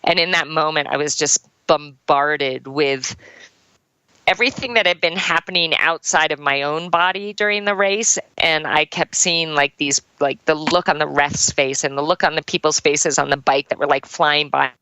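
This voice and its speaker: A woman's voice: low voice, steady tone, normal speed, sharp tone, smooth, dry recording, poor audio. A woman and former triathlon champion turned coach tells a personal story in an interview, earnest and heartfelt, with many "like" fillers.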